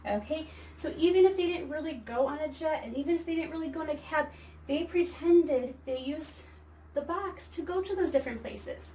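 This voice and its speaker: A woman with a high voice teaches a kindergarten class by video, sounding out words slowly and clearly for small children. She sits a little away from the mic. A faint hiss runs underneath. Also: mellow, far from the mic, rough recording. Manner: slow, exaggerated word-by-word reading for children. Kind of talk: virtual read-aloud and phonics lesson. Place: home or classroom, recording a video lesson.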